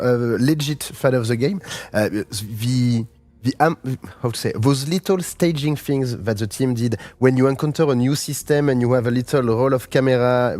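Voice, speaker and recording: A man's voice: medium pitch, darkish tone. A man with a French accent, a native French speaker, chatting eagerly about game updates on a live stream, with many fillers and restarts. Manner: enthusiastic, hesitant with fillers. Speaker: studio community team member co-hosting a stream. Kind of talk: casual live-stream chat.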